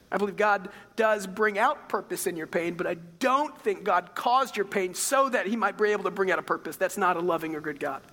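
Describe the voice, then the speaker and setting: A man in his thirties preaching a sermon, telling stories with big swings between quiet and loud passages. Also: very high voice. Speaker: pastor. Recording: long hall reverb.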